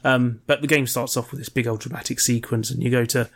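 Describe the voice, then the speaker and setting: A man's voice: mid-range voice, steady tone, fast. Dry, teasing man. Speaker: podcast co-host. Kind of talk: casual chat.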